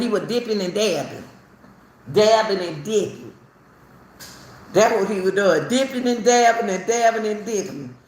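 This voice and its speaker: Laughing, animated woman in an echoey room. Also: medium pitch. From Chicago. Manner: animated, laughs often mid-sentence, repeats herself. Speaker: speaker telling her own story. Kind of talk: casual storytelling. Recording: roomy echo, faint ambience.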